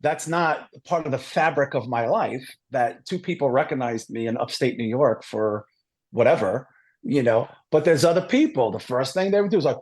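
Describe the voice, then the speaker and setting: A middle-aged man telling stories in a casual podcast chat, animated and full of swearing. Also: medium pitch, normal speed. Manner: animated, profane storytelling. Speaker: podcast guest.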